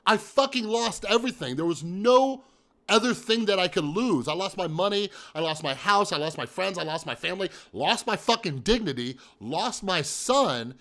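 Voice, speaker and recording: A man's voice: high voice, lively intonation, moderate pace, fairly bright tone. Blunt, profane man telling his story. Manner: blunt, profane, emphatic, rhetorical asides. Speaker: mental health vlogger. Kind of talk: candid personal storytelling.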